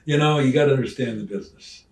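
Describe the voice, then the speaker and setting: An older retired wrestler telling stories in an interview, acting out the voices of others with loud swings. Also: male voice, mid-range voice. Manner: animated storyteller, acts out quoted voices, loud swings. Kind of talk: shoot interview storytelling. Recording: roomy sound, mic at some distance.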